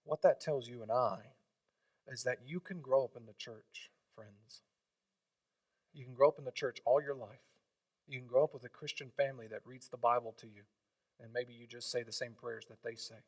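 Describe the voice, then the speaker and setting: A man preaching a sermon, swinging from loud emphatic lines to quiet hushed ones. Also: medium pitch, steady tone, moderate pace, no echo, far from the mic. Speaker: pastor.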